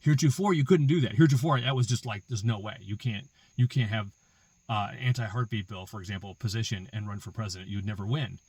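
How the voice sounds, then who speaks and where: A man's voice: on the low side, fast, darkish tone, husky. A man hosting a political commentary show, arguing an opinion with emphatic repetition and rhetorical questions. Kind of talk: opinion monologue.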